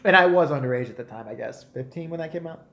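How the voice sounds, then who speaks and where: Animated, profane man in his forties ranting. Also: on the high side, quick pace, roomy sound. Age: 40s. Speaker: live stream host. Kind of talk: casual rant.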